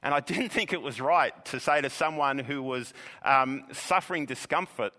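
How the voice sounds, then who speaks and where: Bright-voiced male preacher in a reverberant hall. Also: mid-range voice. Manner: earnest, measured preaching with repeated words. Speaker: pastor. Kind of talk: sermon.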